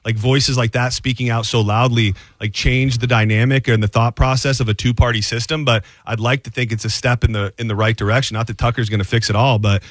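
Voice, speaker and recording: A man's voice: mid-range voice, flat delivery, brisk, hardly any pauses, dry recording. A man hosting a radio talk show, chatting loosely with many fillers and restarts.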